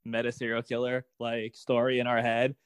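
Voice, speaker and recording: A man's voice: mid-range voice, completely flat delivery, normal speed, clear, resonant tone, no room sound. A man in a mid-range voice shares frank opinions about a TV episode on a casual podcast. He laughs readily, swears now and then, and sighs when it let him down. The sound is dry and close. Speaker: podcast co-host. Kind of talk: casual TV recap chat.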